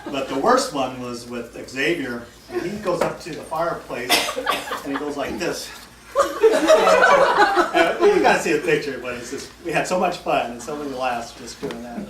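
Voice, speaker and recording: A man's voice: mid-range voice, very animated, fairly quick. Laughing man telling a party story. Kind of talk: casual storytelling. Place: home party room. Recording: echoey room, far from camera, loud noise.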